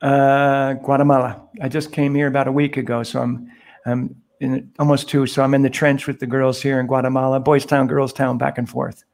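A man's voice: mid-range voice, little pitch movement, normal speed, creaky, a little mellow. A man, a priest, chatting and telling stories on a podcast, laughing as he goes. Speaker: priest guest. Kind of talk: casual podcast storytelling. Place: Guatemala, on a remote call.

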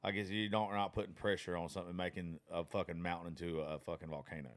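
A man's voice: low voice, level tone, fast. A man in his thirties in a casual chat, rambling with lots of fillers and swearing about his daughter.

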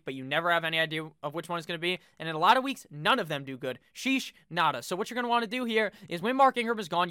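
A young man runs through his fantasy football rankings in a loose, joking way, swearing and drifting into asides. His voice is bright and forceful with a smooth, crisp finish. The recording is dry and close. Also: a little high, dry recording. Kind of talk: casual ranking commentary.

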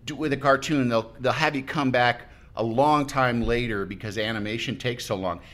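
Chatting casually as a podcast guest, a man with a mid-range, slightly bright voice talks at a normal pace. His anecdote wanders, and he keeps interrupting himself to act out other people's quotes.

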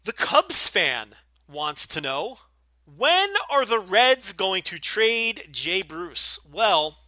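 A man with a New Jersey accent hosts a podcast Q&A in a bright, forceful voice that sits slightly high for a man. He talks bluntly and swears freely, dry and close to the mic. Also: no echo. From Northeastern US, New Jersey. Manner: blunt, profane, opinionated. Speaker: podcast host. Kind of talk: casual Q&A podcast.

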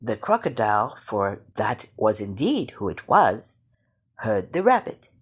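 A woman reading a children's picture book aloud, slow and expressive. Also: very deep voice, slightly rough. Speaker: storyteller.

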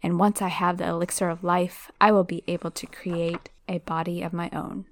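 A woman voicing a sinister disembodied male dark wizard in a hissing whispered role-play, reading a storybook aloud. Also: on the low side, flat delivery, normal speed, close to an everyday voice. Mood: menacing.

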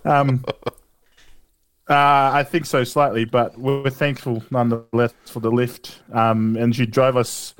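A man's voice: mid-range voice, flat delivery, slow pace, long pauses, clear, resonant tone. Australian man telling a rambling story. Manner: rambling anecdote with laughs. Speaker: podcast co-host. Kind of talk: casual chat.

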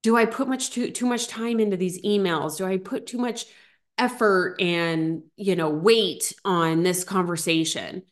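A middle-aged woman hosting a podcast, telling stories in a chatty, animated way with lots of fillers. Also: lowish voice, measured pace. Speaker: podcast host. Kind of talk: casual solo podcast talk.

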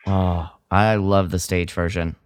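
A man co-hosting a podcast, chatting in a laid-back, easygoing way with filler pauses. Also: low-pitched, flat delivery, clear, resonant tone, dry recording, clean studio sound. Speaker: podcast co-host. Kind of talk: casual chat.

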